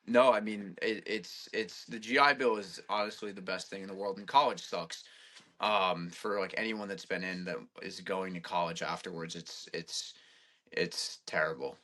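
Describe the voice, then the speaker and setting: A man's voice: low-pitched, bright, forceful tone. A young man in his twenties, a podcast guest, chatting casually and rambling with lots of filler words. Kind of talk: casual chat.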